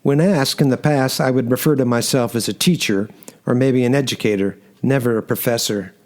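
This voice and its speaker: A man reading a first-person story aloud in a measured storytelling manner. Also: medium pitch, a little mellow. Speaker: narrator. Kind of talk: first-person audiobook narration.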